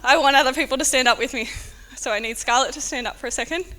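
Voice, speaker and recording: A woman's voice: high voice, fast, pushed and bright. A woman, the bride's sister, giving an unscripted wedding speech on a handheld mic, nervous, giggly and close to tears. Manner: nervous, giggly, tearful, chatty. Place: indoor wedding reception venue.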